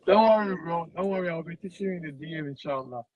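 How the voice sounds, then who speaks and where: A man's voice: a little high, fast talker, no echo. A man hosting an interview show, upbeat and coaxing his guest along in casual talk. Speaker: host. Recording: dull, muffled sound.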